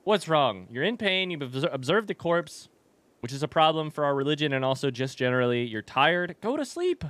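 A man's voice: on the high side, a little fast, a bit bright, clean tone, no room sound. A man chatting casually and joking as he streams a game from a room at home, swearing freely and talking to his chat. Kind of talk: casual live-stream commentary.

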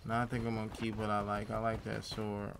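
A man's voice: on the low side, completely flat delivery, fairly quick, gravelly. Laid-back man, noisy. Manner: laid-back, talks to himself, swears at enemies. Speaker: gaming YouTuber. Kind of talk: casual gameplay commentary.

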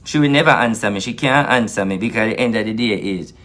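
A man's voice: on the low side, fast, a bit bright. A man with a Jamaican accent, a spiritual advisor delivering an angry, repetitive monologue full of grievance and swearing.

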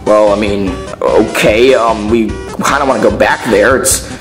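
Guy doing a low lazy skeleton, deadpan drawl, kinda mumbly. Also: measured pace, over music, close to an everyday voice. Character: laid-back, self-deprecating male skeleton.

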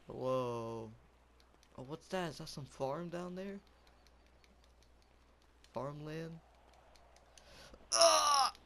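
Slightly high and expressive, this young man's voice moves slowly with long pauses. He's a gameplay commentator rambling goofily through a game, letting out yelps and laughs along the way in casual commentary.

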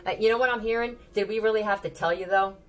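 A woman with a Philadelphia accent giving a casual tarot reading, blunt and profane, with animated warnings to her viewers. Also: medium pitch, fast, a little hiss or hum. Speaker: tarot reader.

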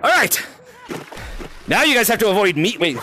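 A young man hosting a VR game lobby, shouting energetic play-by-play calls, repeating himself and laughing as he plays. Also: high voice, moderate pace, slight background noise. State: sweaty. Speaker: VR game streamer hosting fan lobbies. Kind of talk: excited live gameplay commentary. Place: indoors, playing in VR.

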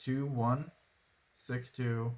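Man, middle pitch, game streamer, bossy, swears a lot, explains rules. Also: level tone, extremely slow, darkish tone, muffled recording. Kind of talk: casual gaming voice chat.

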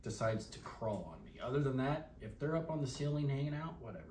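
A man's voice: mid-range voice, expressive, a little fast, a little mellow. A man in casual chat with friends, making wry remarks. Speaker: guest. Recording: roomy room, far mic, noisy.

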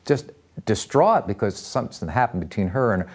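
A man's voice: fairly low pitch, very animated, normal speed. An older man from the United States, telling stories earnestly in an interview and acting out the voices of people he quotes. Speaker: interview guest. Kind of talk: storytelling interview.

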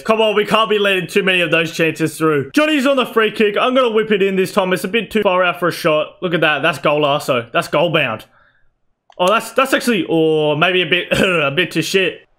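A young man with a fairly high voice talks through his football video game match. He shouts at players, swears freely and keeps calling the viewers "boys". His talk jumps between calm play-by-play and loud yelling. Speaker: gaming YouTuber. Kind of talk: excited gameplay commentary.

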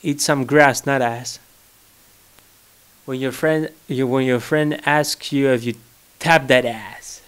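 Slow-talking young Greek-accented man. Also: medium pitch, steady tone, a bit bright, smooth. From Greece. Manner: rambling, joking, searches for words. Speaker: vlogger. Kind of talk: casual solo monologue. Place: his home.

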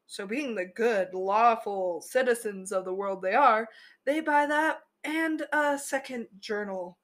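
A woman's voice: on the high side, measured pace. A woman podcast host telling a tabletop game story in a chatty way, laughing at her own tale.

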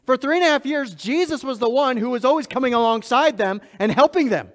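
Man, pastor, sermon, high voice, repeats key phrases, talks to the congregation. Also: animated, fairly quick. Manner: emphatic, repeats key phrases, swings from loud to hushed; laughs at himself, talks to the congregation directly. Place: church.

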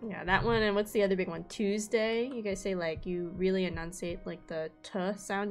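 A young woman streaming a game, bubbly and excitable, chatting with her viewers while she plays. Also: fairly low pitch, moderate pace, creaky, faint music behind. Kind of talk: casual live-stream game chat.

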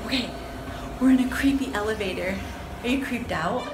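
A bubbly woman in her forties talks straight to her viewers in a casual vlog. Her voice sits a little high, and she giggles often as she chats on. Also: normal speed, background noise. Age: 40s. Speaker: vlogger.

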